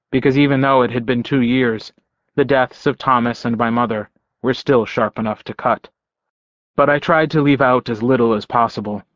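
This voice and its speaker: A man giving first-person audiobook narration in a measured, brooding way. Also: medium pitch, no echo. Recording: slightly dull dry audio.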